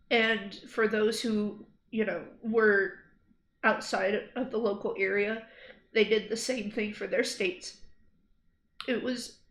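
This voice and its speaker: Young woman streamer, high voice, slow and halting, upset and angry, in an echoey room. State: shaken after crying. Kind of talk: emotional livestream address. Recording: roomy echo.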